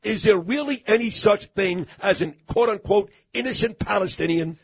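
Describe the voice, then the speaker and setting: A man's voice: sits high, moderate pace, husky. A man hosting a radio talk show, blunt and emphatic, openly effusive toward his guest. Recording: radio broadcast.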